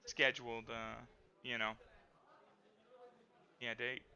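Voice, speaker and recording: A man's voice: medium pitch, level tone, slow, bright, forceful tone, lo-fi sound. A man narrating a tabletop game as game master, rambling with many fillers.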